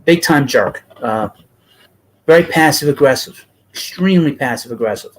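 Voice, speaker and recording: A man's voice: mid-range voice, lively intonation, normal speed, rough recording. A middle-aged man with a thick New York accent, hosting a baseball livestream and talking bluntly and ramblingly to his chat.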